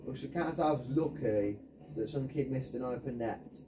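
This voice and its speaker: A man's voice: medium pitch, moderate pace, noisy background. A man commentating his own video game match, swearing and ranting at his teammates. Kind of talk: frustrated gameplay commentary. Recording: voice distant from the mic.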